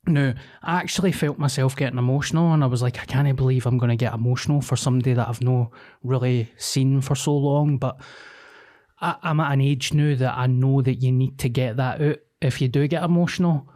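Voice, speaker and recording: A man's voice: mid-range voice, steady tone, fairly quick, dark tone. A Scottish man in his thirties, a comedian telling blunt, sweary stories in casual podcast chat. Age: 30s.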